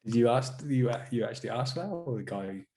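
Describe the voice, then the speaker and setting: A man's voice: medium pitch, animated, fairly quick, darkish tone, a little hiss or hum. Laid-back, teasing man co-host. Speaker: podcast co-host. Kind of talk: casual chat.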